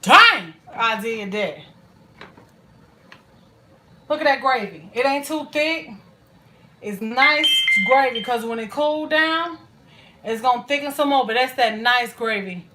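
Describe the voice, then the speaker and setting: A woman's voice: fairly high pitch, expressive, unhurried, background noise. A woman chatting folksily while cooking on a live stream, calling her viewers child and honey. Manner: folksy and chatty, full of endearments.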